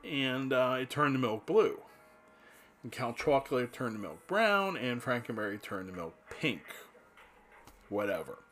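A man's voice: medium pitch, very animated, measured pace, a bit bright, soft background music. A man in his fifties from New Jersey, rambling nostalgically in a casual spoken monologue, with restarts and the odd curse. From New Jersey, USA. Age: 50s. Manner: rambling, nostalgic, profane, self-interrupting.

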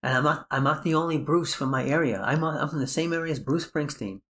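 A man's voice: on the high side, fairly quick, fairly bright tone. A podcast host with a New York accent, chatting casually, rambling and joking as he keeps correcting himself. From New Jersey, US.

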